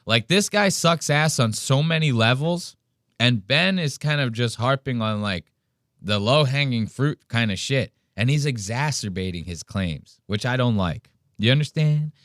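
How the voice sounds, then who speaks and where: A man hosting a podcast, mocking a clip with profane, animated reaction commentary. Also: medium pitch, a little slow, dry recording, clean studio sound. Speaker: podcast host.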